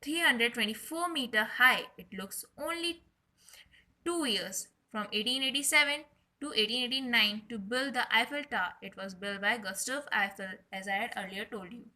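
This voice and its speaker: A woman teaching French words slowly, repeating each one for viewers to say along. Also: a little high, bright, forceful tone, poor audio. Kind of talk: French vocabulary lesson.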